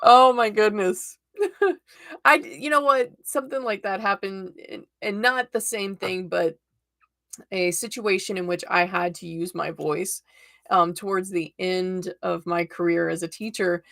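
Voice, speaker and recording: A woman's voice: mid-range voice, a little slow, gravelly, fairly bright tone, dry recording, clean studio sound. A woman hosting a live tarot stream, chatting casually and encouragingly and laughing often. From United States.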